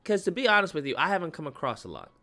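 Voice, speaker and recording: A male livestream host reacting out loud to clips. His pitch jumps around as he talks, and he circles back over the same phrases. Faint music sits under his voice. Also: racing. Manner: animated, repeats phrases, says "bro". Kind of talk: casual livestream reaction commentary.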